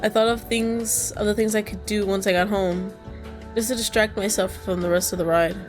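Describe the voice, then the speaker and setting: A woman streamer reading a visual novel aloud. She switches between calm narration and loud, laughing, cursing reactions. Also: medium pitch, normal speed, faint music behind. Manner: expressive, jumps from calm reading to squealing and laughing; casual and cursing in asides. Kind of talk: reading game text aloud with live reactions.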